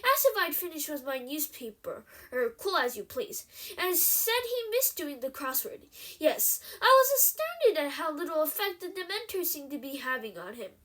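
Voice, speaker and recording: A woman reading aloud, voicing a middle-aged male minister who tells a grim story in a solemn, halting way. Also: high voice, sing-song, pushed and bright, heavily acted. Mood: grave.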